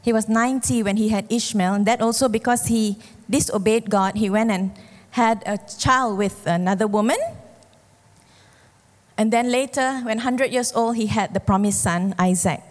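A woman preaching a sermon, telling stories and acting out the characters with lively shifts of voice. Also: moderate pace. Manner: animated storytelling, acts out characters with shifting pitch. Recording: long hall reverb.

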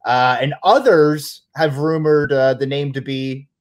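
A man's voice: on the high side, unhurried. A man co-hosting a podcast in casual chat, joking and punning with a loose, rambling delivery. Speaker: podcast co-host.

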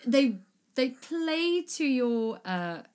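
A woman in casual chat about a film, animated, acting out lines from scenes, with frequent fillers and some swearing. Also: high-pitched, extremely slow.

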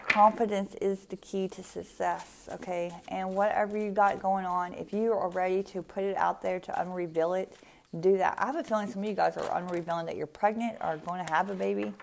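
Gravelly-voiced woman hosting a tarot podcast. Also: medium pitch. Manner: warm, emphatic, repeats "right?" and "okay?". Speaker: podcast host giving tarot card readings. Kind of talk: casual spiritual podcast monologue.

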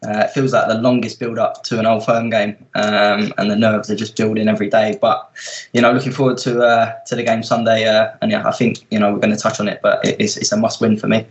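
A man from England chats as a football podcast guest in a low, flat, monotone voice. He is relaxed and fills his speech with ums. The audio is slightly dull. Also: brisk. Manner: relaxed, lots of ums and "mate". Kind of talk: casual football podcast chat.

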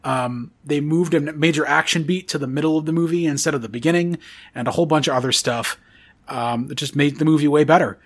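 A man's voice: fairly high pitch, a little fast. A man hosting a podcast in casual chat, rambling and enthusiastic with lots of fillers. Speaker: podcast host.

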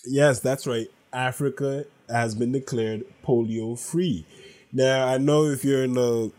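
A man with a cold talks through a solo podcast in a nasal, stuffed-up voice at an ordinary middle pitch. He rambles loosely and stops to correct himself partway through sentences. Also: steady tone, measured pace, a little mellow. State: congested, sick with a cold. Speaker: podcast host. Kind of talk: casual solo podcast monologue.

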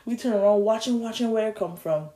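A young adult, telling a long story in a casual, animated way, with restarts and stumbles, recorded on a phone. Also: mid-range voice, fast, echoey room. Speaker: vlogger.

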